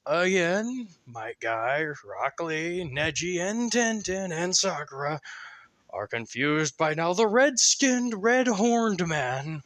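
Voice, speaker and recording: A man narrating a fan story in a loose, chatty way. He talks slowly with a lively pitch. The recording is close and dry. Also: no echo. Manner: loose, conversational, with fillers. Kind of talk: casual fan fiction storytelling.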